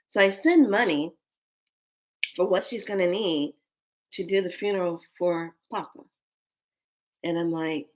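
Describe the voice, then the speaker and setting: A woman telling an emotional personal story, earnest and intense, sometimes dropping to a hushed whisper and sometimes rising in anger. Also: lowish voice, slow pace, long pauses. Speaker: storyteller recounting a loss.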